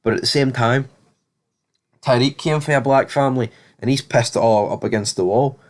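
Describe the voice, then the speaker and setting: A man's voice: mid-range voice, normal speed. A man recapping a TV episode in a rambling, blunt, opinionated way. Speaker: TV show reviewer.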